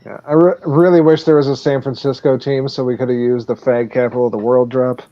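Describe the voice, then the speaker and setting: A man's voice: mid-range voice, little pitch movement, brisk, lo-fi sound. Crude laid-back man hosting a podcast. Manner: profane, laughing, loose. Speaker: podcast host. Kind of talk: casual sports betting chat.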